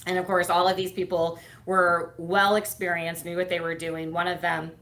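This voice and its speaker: Speaking at a fairly low pitch with a level tone, normal speed, and a slightly bright quality, a middle-aged woman shares her career story as an interview guest. She runs her own firm and serves as its CEO. Her delivery is chatty, full of fillers, and she acts out the lines she quotes.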